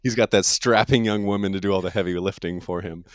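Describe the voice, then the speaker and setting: A man's voice: lowish voice, steady tone, fast talker, no room sound, studio quality. A man in a casual movie review chat, laid-back and making short remarks.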